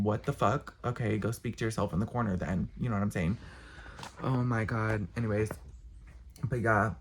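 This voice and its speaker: A man's voice: lowish voice, steady tone. A young man ranting casually to camera, exasperated, blunt and profane. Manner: exasperated, blunt, profane, talks with quick bursts. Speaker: vlogger.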